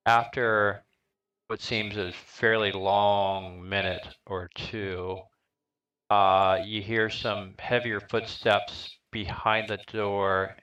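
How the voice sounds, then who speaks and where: A middle-aged man acts as dungeon master for a live-streamed tabletop game, describing scenes haltingly with many fillers. His voice is on the low side with little pitch movement and a bright, forceful tone, and the recording sounds muffled.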